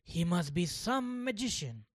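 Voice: mid-range voice, big pitch swings, unhurried, dry recording. A narrator playing a stern schoolteacher. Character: schoolteacher, stern then humbled.

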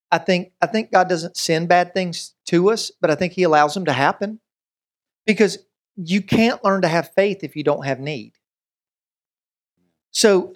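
A man preaching a conversational sermon as pastor, lively and joking, acting out everyday scenes as he goes. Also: high-pitched.

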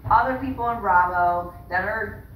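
A woman's voice: mid-range voice, moderate pace. A woman podcast co-host talking in a fired-up, indignant way in casual chat. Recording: roomy, distant mic, faint noise.

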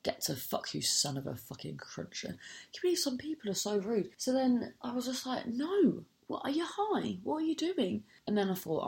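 A woman with a lowish voice and a lot of vocal fry tells a story in casual chat. She sounds exasperated, swears freely, and keeps cutting herself off mid-sentence.

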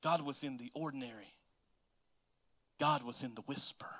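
A male pastor preaching a sermon, moving between hushed, soft passages and loud, emphatic lines with repeated rhythmic phrases. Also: mid-range voice, normal speed.

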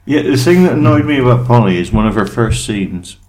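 A man's voice: medium pitch, expressive, a little fast, darkish tone. A man co-hosting a podcast, chatting casually with sarcastic, teasing remarks. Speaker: podcast co-host.

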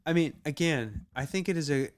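A man's voice: on the high side, expressive, fairly quick. A man hosting a casual group podcast chat, earnest and hesitant with many ums. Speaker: podcast host.

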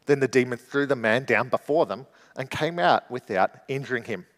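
A man preaching a sermon, explaining a scripture passage and moving between hushed and emphatic delivery. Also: mid-range voice, animated, moderate pace, big-room sound.

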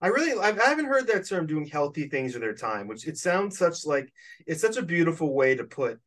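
A man hosting a podcast, asking questions in a halting way and repeating words as he looks for his thoughts. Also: fairly high pitch, very animated, fairly bright tone, far from the mic. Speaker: podcast host. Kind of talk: casual interview chat. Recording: voice set back from the mic.

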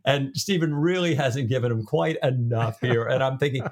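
A man's voice: mid-range voice, normal speed, darkish tone. A man co-hosting a podcast, animatedly and self-deprecatingly discussing a novel. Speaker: podcast co-host. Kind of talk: casual book discussion.

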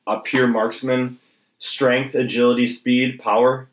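A man's voice: medium pitch, level tone, a little slow, roomy sound. A man in casual chat, agreeable, chiming in with short remarks.

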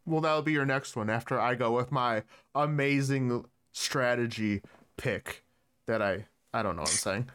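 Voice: mid-range voice, normal speed, a bit bright, clean tone. A podcast co-host in casual gaming chat, playful and teasing.

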